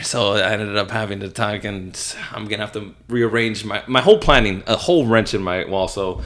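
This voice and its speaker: A laid-back man with a lowish voice hosts a casual podcast talk from a room at home. He swears offhand and keeps things loose. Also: moderate pace, hardly any pauses, fairly bright tone. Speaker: podcast host. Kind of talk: casual chat.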